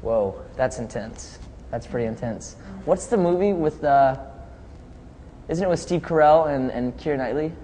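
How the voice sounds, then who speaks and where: A relaxed young man of middle pitch answers fan questions in a chatty, easygoing way, often laughing between thoughts. His voice carries a long reverb tail, and faint noise hums underneath. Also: normal speed. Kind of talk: casual live video chat.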